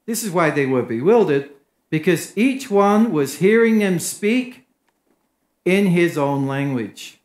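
An English-accented man preaches an evening sermon, his voice sitting high. He leans emphatic, climbing higher when he voices the crowd. The sound rings around a roomy church hall. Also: expressive, takes it slowly. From England. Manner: emphatic, rises in pitch for quoted crowds. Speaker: pastor. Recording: echoey church room.

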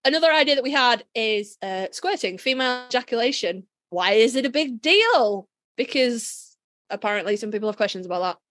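A woman with a Yorkshire accent co-hosting a casual podcast, blunt and quick to swear, laughing often. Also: on the high side, animated, fairly bright tone, no echo. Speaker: podcast co-host.

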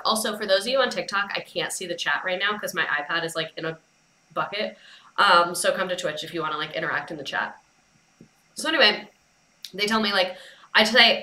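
A woman's voice: fairly low pitch, fairly quick, bright, forceful tone, roomy sound. A young woman hosting a casual livestream, chatting and retelling a phone call with quoted dialogue. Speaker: livestream host.

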